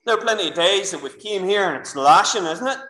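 A minister with a Northern Irish accent preaches a church sermon in a high-pitched, bright, pushed voice, speaking fast with lively intonation. He tells the story vividly, addressing the children and congregation directly. A clip-on mic picks him up in an echoey church room.

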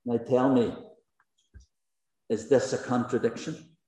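A man's voice: medium pitch, fairly even intonation, takes it slowly, dark tone. A male pastor preaching a sermon to a congregation, emphatic, with rhetorical questions and repeated phrases. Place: large church hall with congregation. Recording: echoey hall with long reverb.

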